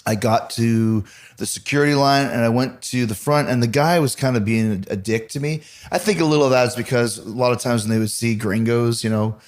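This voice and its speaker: A man hosting a podcast, telling lively anecdotes in casual chat, swearing now and then. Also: medium pitch. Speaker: podcast host.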